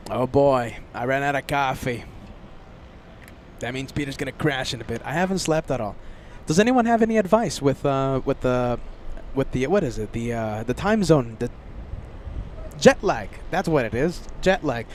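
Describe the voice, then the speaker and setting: A man's voice: medium pitch, animated, normal speed, a little mellow, a little hiss or hum. A man hosting a live plane spotting stream outdoors, chatting casually with viewers by name, sleepy and jet-lagged. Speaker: plane spotting livestream host. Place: outdoors near an airport.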